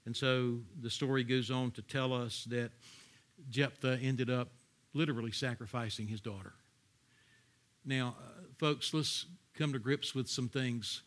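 A man preaching a sermon, explaining scripture in an animated way and acting out voices with sudden loud outbursts. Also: mid-range voice, a little slow. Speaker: pastor.

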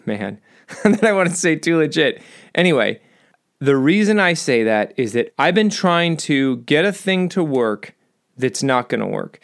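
A man's voice: unhurried, gravelly. Self-mocking rambling male podcast host. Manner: self-mocking, rambling, swings between low mutters and high excited bursts. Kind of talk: solo podcast monologue.

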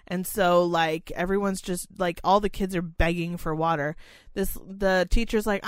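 A woman chatting casually about a school trip as a chaperone, swearing freely and ranting with sarcasm, and mimicking other people in high mocking voices. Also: steady tone, moderate pace, smooth, no echo. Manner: profane, exasperated, sarcastic ranting. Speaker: parent chaperone telling a story. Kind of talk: casual storytelling chat.

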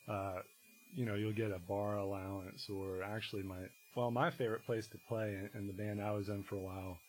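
Low-voiced man rambling with restarts. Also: a little hiss or hum, low-quality recording. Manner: rambling, halting with many restarts and fillers. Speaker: musician guest. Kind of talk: casual conversation.

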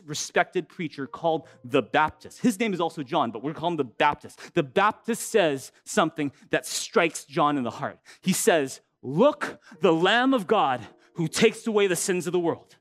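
A man with a notably high-pitched voice preaches a sermon as a pastor. He talks in a casual, animated way, telling the story and firing off rhetorical questions to his listeners. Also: normal speed. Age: adult with an older son.

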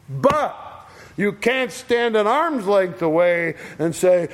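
A man preaching a sermon, slow and deliberate, with long pauses between short phrases. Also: sits high, big pitch swings.

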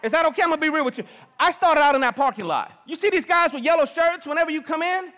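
A middle-aged man preaching a sermon as pastor, lively and personal, calling on the congregation. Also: extremely high pitch, fast. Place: large church hall. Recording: long reverb of a big hall.

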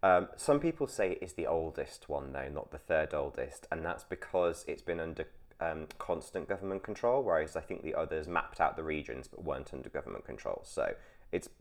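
A chatty man hosts a casual trivia podcast. His voice sits very low, and he explains things at length with easy laughter. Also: lively intonation, a little fast. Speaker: podcast host.

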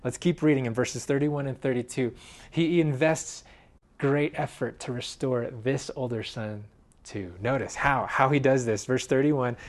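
A man preaching a sermon in an earnest way, swinging from loud emphasis to hushed, quiet phrases. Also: medium pitch, steady tone, moderate pace. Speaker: pastor.

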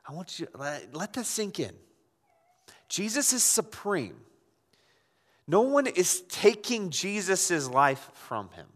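A man's voice: high-pitched, wildly swooping pitch, takes it slowly, pauses often, fairly bright tone. A man pastor preaching an impassioned sermon, pressing his listeners with rhetorical questions. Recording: long hall reverb.

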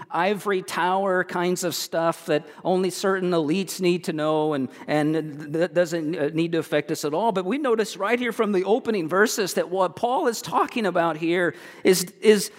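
Male pastor, high voice, earnest sermon delivery with frequent restarts, church hall reverb. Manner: earnest, halting with many repeated words.

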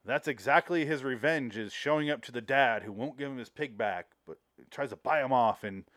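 Man co-host, casual film chat, lively and profane, mid-pitched voice, dry close sound. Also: normal speed, no echo. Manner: animated, profane, acts out scenes. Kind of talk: casual movie discussion.

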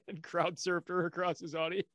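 A man's voice: high-pitched, level tone, moderate pace, fairly bright tone, dry recording. A man co-hosting a podcast in casual chat, sarcastic and joking, on a video call. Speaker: podcast co-host.

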